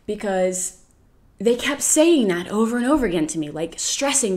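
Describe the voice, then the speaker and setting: An American woman with a medium-pitched voice recounts a trip on a podcast at normal speed. She's casual and animated, laughs a lot, and performs the voices of the people she quotes.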